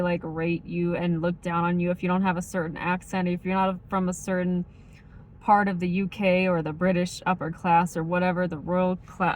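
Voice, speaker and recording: A woman with a faint Midwestern accent talks casually in a fairly low voice. She rambles, packing her speech with "like" and "um". A soft hiss of noise sits under the recording. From United States. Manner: rambling, heavy use of like and um. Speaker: vlogger. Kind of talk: casual chat.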